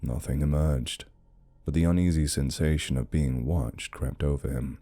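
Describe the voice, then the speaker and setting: A man reading a horror story in a slow, measured, brooding way as scripted narration. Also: a bass voice, mellow.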